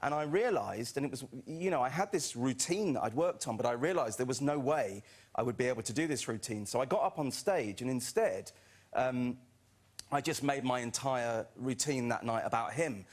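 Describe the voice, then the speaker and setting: A man, a comedian, telling a lively anecdote on a chat show sofa, acting out other people's voices and laughing. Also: medium pitch, moderate pace. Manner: animated storytelling, acts out other voices, laughs often. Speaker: comedian guest. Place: TV studio with audience.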